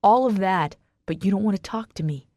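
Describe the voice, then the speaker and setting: A woman voicing a brooding, intense estranged husband who growls his lines in a low, rough, pressing way. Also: fairly quick, a little mellow, no echo, clean studio sound. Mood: angry. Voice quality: raspy, growling.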